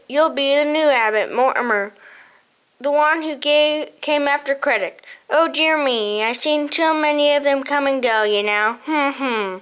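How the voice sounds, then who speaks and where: A woman's voice: sits high, a bit bright. A woman voicing a frail ancient male mouse who keeps records, muttering and doddering as he talks.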